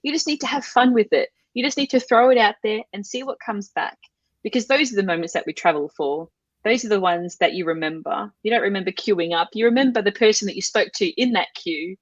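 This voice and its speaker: Animated woman, dry muffled sound. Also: mid-range voice, fairly quick, no room sound. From Australia. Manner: animated, acts out quoted exchanges in a lifted voice. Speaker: guest language teacher. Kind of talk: conversational interview.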